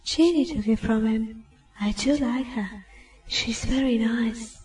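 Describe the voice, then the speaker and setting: A woman doing a dreamy otherworldly girl. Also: fairly high pitch. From Poland. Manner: dreamy, slow, soft. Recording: roomy distant recording with music.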